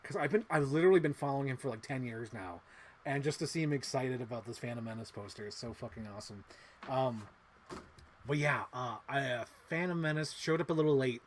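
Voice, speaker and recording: A man hosting a casual livestream, rambling excitedly and swearing often, acting out little movie quotes as he talks. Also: mid-range voice, fairly quick. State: emotional. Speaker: livestream host.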